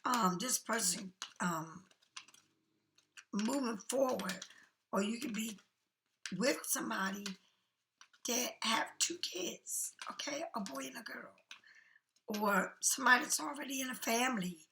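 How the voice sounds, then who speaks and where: A woman giving a casual tarot reading, talking softly and often half-whispering in a chatty, reassuring way, a little tired. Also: fairly high pitch, a little slow, creaky, pauses often, background noise. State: yawning, tired. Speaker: tarot card reader.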